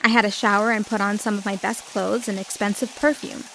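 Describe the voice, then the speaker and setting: A woman narrating a dramatic first-person story with expressive delivery. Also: mid-range voice, brisk, background noise.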